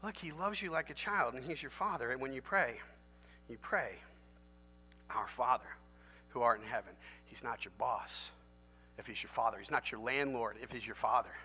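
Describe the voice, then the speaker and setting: A man preaching a sermon as pastor, emphatic and animated, jumping to loud high lifts for emphasis. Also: normal speed, faint music behind. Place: large church sanctuary. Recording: long church hall reverb.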